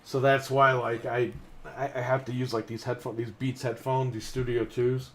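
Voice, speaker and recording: A man's voice: medium pitch, flat delivery, moderate pace, a bit bright. A man co-hosting a gaming podcast, telling stories in casual chat while playing, swearing freely. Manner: swearing, storytelling with laughs. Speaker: podcast co-host.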